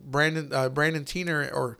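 A man chatting casually about movies, animated, swearing freely and acting out scenes. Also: fairly high pitch, normal speed, creaky, clean tone. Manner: animated, swears a lot, acts out movie lines loudly.

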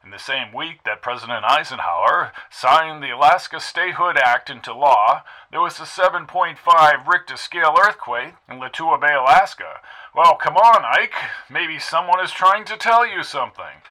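A man doing a brash, bright radio host. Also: a little high, expressive, moderate pace, voice pushed up, rough recording. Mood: breezy. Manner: brash wisecracking patter. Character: male 1950s radio host, showy and glib.

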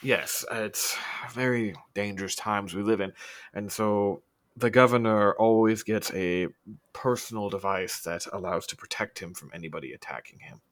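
A man running a tabletop game, narrating casually with pauses and restarts. His voice sits low but sounds bright and forward. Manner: casual, halting with fillers. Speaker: game master.

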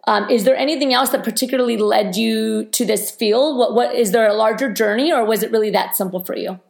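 A woman's voice: a little high, a little fast, vocal fry. A woman interviewing a guest, asking long conversational questions with many fillers.

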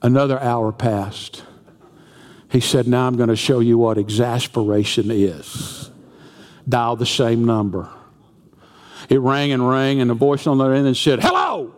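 A man's voice: mid-range voice, fairly even intonation, measured pace, long pauses, darkish tone. Male pastor preaching in a reverberant hall. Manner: storytelling, acting out quoted voices. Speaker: senior pastor. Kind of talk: sermon.

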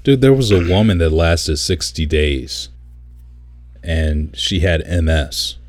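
A man's voice: sits low, slow. A man chatting casually, telling a story with lots of swearing and mimicking people. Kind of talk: casual chat.

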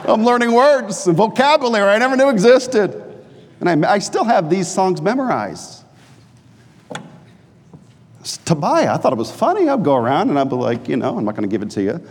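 A man from New Hampshire preaching a sermon, telling stories and jokes, then dropping low and earnest. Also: normal speed, long pauses, big-room sound, a little hiss or hum. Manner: animated storytelling preacher, shifts from jokey to low and earnest. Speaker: pastor.

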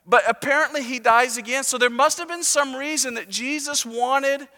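A man preaching a sermon as a pastor, conversational and joking, slowing down and dropping soft on key words. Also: very high voice, fairly even intonation. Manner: conversational preaching with jokes, slowing and softening for emphasis. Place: church sanctuary. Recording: long reverb of a church hall.

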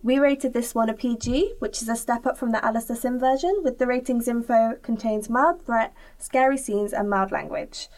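Higher-voiced woman hosting a podcast. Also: normal speed, hardly any pauses, a little mellow. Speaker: podcast host introducing segments. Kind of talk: reading prepared segment introductions.

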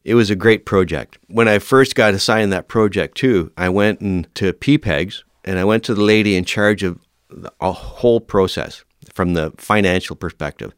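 A man's voice: low voice, moderate pace, smooth, dry recording, clean studio sound. A middle-aged man, a fire service officer, telling work stories in a casual, emphatic way and often laughing. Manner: animated, emphatic storyteller who laughs often. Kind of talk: casual anecdotal storytelling.

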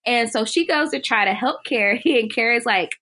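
A young woman recapping a film in casual chat, animated, laughing often and loudly acting out the characters' lines. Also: a little high, moderate pace.

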